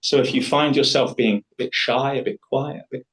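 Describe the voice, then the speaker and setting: A man of middle pitch leads a public speaking workshop, talking to a group in a room. He is chatty and enthusiastic and often rambles, restarting his sentences as he goes. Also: steady tone, normal speed, few pauses, a bit bright, poor audio. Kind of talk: live workshop talk to a group.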